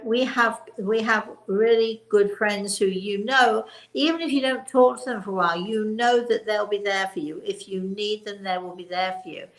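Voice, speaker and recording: This older woman talks in a relaxed, chatty way, hosting and teaching, and she leans hard on the words that matter. Her voice has a gravelly edge. It carries a roomy echo. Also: medium pitch. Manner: emphatic on key words, warm chatty restarts. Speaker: host and spiritual teacher. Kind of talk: live-stream chat and teaching.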